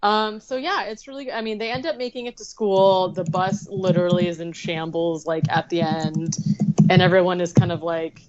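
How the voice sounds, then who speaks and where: A woman's voice: lowish voice, fairly even intonation, moderate pace. Chatty woman podcaster, slightly dull sound. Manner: chatty, leans heavily on "like" and "um". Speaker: podcast co-host. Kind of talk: casual chat recapping a cartoon episode.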